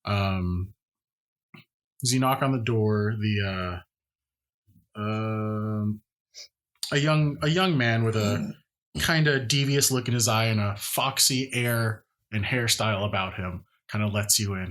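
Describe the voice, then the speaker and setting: A man narrating a tabletop game as game master, in a relaxed style with lots of ums and uhs. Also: fairly low pitch, slow pace. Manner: relaxed, many fillers.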